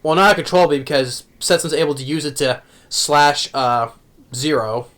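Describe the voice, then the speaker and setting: A man's voice: fairly high pitch, moderate pace, fairly bright tone. A man casually recapping an anime episode, rambling with many restarts and fillers. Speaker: anime reviewer.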